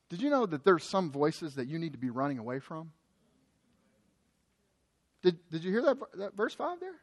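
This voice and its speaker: A pastor delivers his sermon in a high, light male voice. He talks with passion, stacking repeated phrases in a steady preaching rhythm. His volume swings from strong emphasis to quiet, intense moments. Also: normal speed, pauses often. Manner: impassioned, shifting between loud emphasis and quiet intensity; repetitive preaching cadence.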